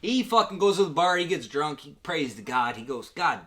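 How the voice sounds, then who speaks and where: A man's voice: on the high side, a little fast. A man giving a crude, profane comedic recap of an old film, acting out the characters' lines. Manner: crude, animated retelling with acted-out quotes. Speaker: guest comedian.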